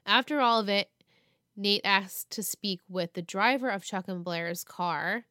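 Woman podcast co-host, clear smooth voice, close dry mic, chatty recap storyteller. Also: medium pitch, a little slow, sharp tone, dry recording. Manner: chatty storyteller, acts out characters' lines. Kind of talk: casual TV episode recap.

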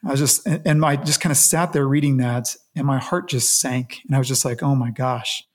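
A man being interviewed, recounting a personal story in an earnest, reflective way with halting restarts. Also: mid-range voice. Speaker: interview guest.

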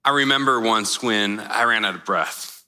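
Male pastor, very bright tone, casual storytelling sermon, long hall reverb. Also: on the low side, normal speed, smooth. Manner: conversational, storytelling with casual slang.

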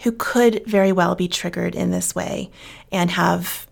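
A woman interviewing a guest, asking measured, thoughtful questions. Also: fairly low pitch, steady tone, gravelly.

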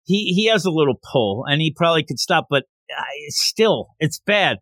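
A man casually recapping a manga story, animated and acting out the characters' lines as he goes. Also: on the high side, moderate pace, dry recording, clean studio sound.

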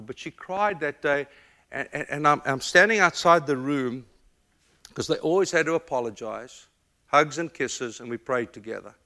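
A middle-aged pastor from Africa preaches with real fire, his voice bright and ringing. He pushes hard on his points, then drops to a hushed, tender near-whisper. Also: mid-range voice. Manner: dynamic preaching, swings from loud emphatic to hushed and tender. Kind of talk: sermon.

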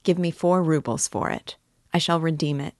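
A woman's voice: low-pitched, steady tone, moderate pace, no echo, clean studio sound. A woman reading a novel aloud, voicing a poor, troubled young man who is tense and secretive, muttering his thoughts.

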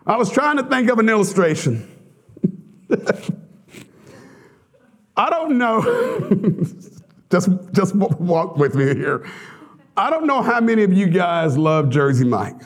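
A man preaching a sermon as pastor, telling stories with laughter and sudden high excited outbursts.

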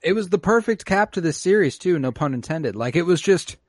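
A man's voice: a little high, lively intonation, brisk, dry recording, studio quality. A man co-hosting a casual podcast, chatting animatedly and slipping into mock voices as he retells scenes. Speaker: podcast co-host. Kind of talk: casual chat.

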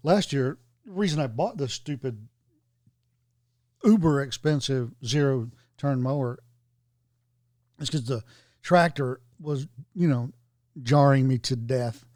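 A man's voice: medium pitch, expressive, slow pace, pauses often, darkish tone, no room sound. A middle-aged man co-hosting a casual chat, matter-of-fact with dry wisecracks.

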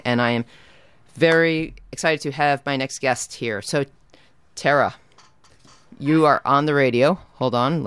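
Chatty male radio DJ, smooth voice. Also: mid-range voice. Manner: rambling, self-correcting, chatty. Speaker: radio DJ and host. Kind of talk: casual radio interview. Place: radio studio.

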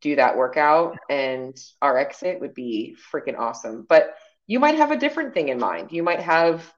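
Low-voiced woman coaching in casual chat. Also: very animated, normal speed, lo-fi sound. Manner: chatty, encouraging, many fillers. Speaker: podcast co-host and coach.

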